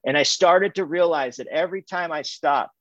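A man shares his recovery story as casual testimony, with a slightly raised pitch and a loose, rambling delivery. He mocks himself with dry humor and leans on "man" and "dude". The recording is dry and a little dull. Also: moderate pace, fairly bright tone, dry recording. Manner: loose and chatty, stacks up "and, and, and", peppers lines with "man" and "dude"; self-mocking humor with small laughs.

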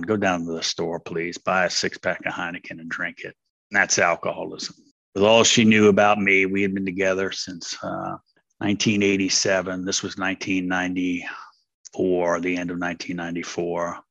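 An older man tells his story in a low, steady voice that barely rises or falls, with a bright edge to it. He talks candidly and rambles, with many fillers. The sound is close and dry. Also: dry recording. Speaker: speaker sharing at a recovery meeting. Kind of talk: personal testimony.

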